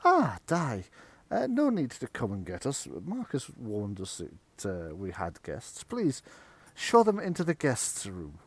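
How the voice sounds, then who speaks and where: Flustered, bossy mistress of a manor, as a man puts her on, brisk and exasperated, lively in pitch. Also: breathy edge, no room sound, full character voice. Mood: fussing. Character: flustered mistress of the house, woman.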